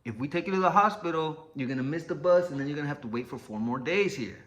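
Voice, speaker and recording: A man's voice: a little high, lively intonation, fast talker, fairly bright tone. A man doing a brusque male jail guard.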